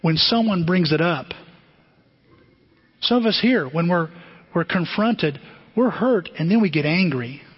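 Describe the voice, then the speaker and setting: A high-voiced pastor preaching with a husky edge, acting out the voices in his stories. His sermon is caught on a dull, muffled recording with a long hall reverb behind him. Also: unhurried, long pauses. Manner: animated storytelling, acting out quotes.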